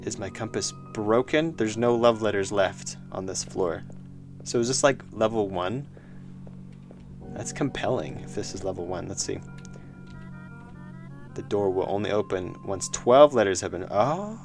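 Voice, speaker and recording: A man's voice: on the low side, gravelly. A man streaming a horror game, thinking aloud in rambling casual commentary with self-mocking laughs. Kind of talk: casual let's-play commentary.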